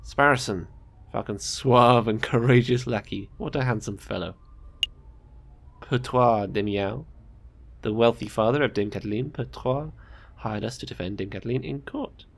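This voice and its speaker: A man's voice: mid-range voice, unhurried, gravelly, slight background noise. A British man hosting a let's play, chatting casually and reading game text aloud.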